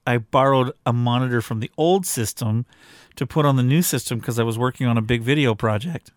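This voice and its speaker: A man's voice: medium pitch, fairly quick, dry recording, studio quality. A middle-aged man co-hosting a casual home podcast, talking in a rambling, easygoing way with frequent restarts. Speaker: podcast co-host.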